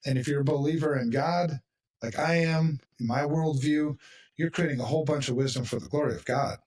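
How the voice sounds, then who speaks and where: A husky man hosting a podcast in loose, casual chat. He talks bluntly and with emphasis, and he swears freely. His voice sits back from the mic. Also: a little high, fairly quick, darkish tone, distant mic. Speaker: podcast host.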